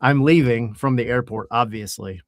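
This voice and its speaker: A man co-hosting a casual sports podcast, relaxed and rambling, saying y'all. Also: mid-range voice, moderate pace, no echo, studio quality. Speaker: podcast co-host. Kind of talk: casual chat.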